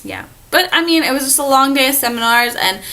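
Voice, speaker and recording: A woman's voice: sits high, expressive, a little fast, pushed and bright, poor audio. A young woman hosting a casual travel vlog, chatty and rambling with lots of fillers. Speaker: vlog host.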